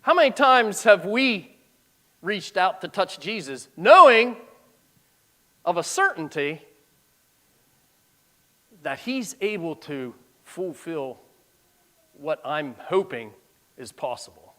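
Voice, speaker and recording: A middle-aged man preaches with a lively, swooping delivery, his pitch rising and falling as he reads. He moves between formal scripture reading and plain, conversational asides, in a voice set a little higher than most men's. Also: takes it slowly, pauses often. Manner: animated, breaks into plain-spoken asides between archaic scripture. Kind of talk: sermon, reading and explaining scripture.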